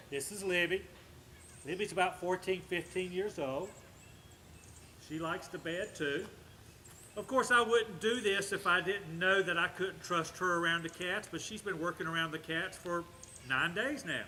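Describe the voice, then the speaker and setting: Man, dog trainer, high bright voice, plainspoken demo, faint noise behind. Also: normal speed. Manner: talks to the dog in soft praise, explains to camera. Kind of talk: casual demonstration.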